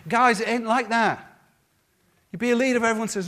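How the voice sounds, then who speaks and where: High-voiced preacher, lively delivery. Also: male voice, quick pace. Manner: lively, acts out quotes of others. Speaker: pastor. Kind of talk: sermon.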